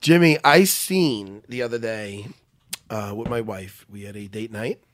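A podcast co-host chatting casually about sports, excitable and prone to getting loud when hyped, often breaking in with "listen.". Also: male voice, fairly low pitch, unhurried, dry recording. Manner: repeats "listen" to take the floor.

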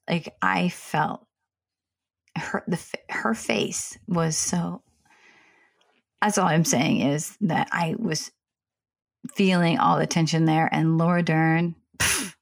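An opinionated woman chatting casually as a podcast co-host, her voice low-set and gravelly with vocal fry. She rambles through asides, keeps apologizing and restarts her sentences. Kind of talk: casual chat.

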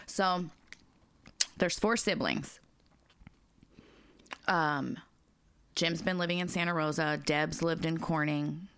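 Woman, low voice, dry close sound, casual podcast co-host, swears a lot, storytelling. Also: fairly even intonation, slow pace, long pauses, fairly bright tone, smooth, no room sound. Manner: swears often, tells family stories. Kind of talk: casual chat.

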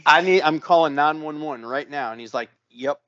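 Here a podcast co-host with a somewhat high voice recounts a long story at ordinary speed on a relaxed show. Profane and lively, he acts out the others involved. The audio is lo-fi.

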